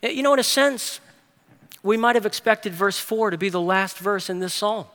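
A man delivers a sermon in a high, bright voice, dropping to quiet, slow phrases and then rising into fast, emphatic bursts. His voice carries a long reverb, as if recorded in a large church hall. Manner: animated preaching with big swings from hushed to emphatic. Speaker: pastor.

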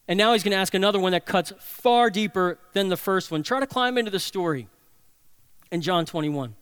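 A man preaches a sermon in a fairly high, smooth voice. He tells the story dramatically, swinging between loud passages and hushed ones. The sound is dry. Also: fairly quick, dry recording. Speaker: pastor.

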